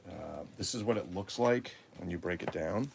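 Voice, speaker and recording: A man's voice: sits low, normal speed, creaky, slight background noise. A man hosting a live collectibles show, chatting in a rambling, enthusiastic show-and-tell way.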